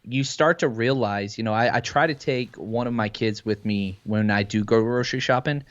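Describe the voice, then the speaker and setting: A man's voice: medium pitch, normal speed. A man from Texas, a guest on a podcast, chatting in a laid-back, joking way. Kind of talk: casual chat. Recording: dull lo-fi sound.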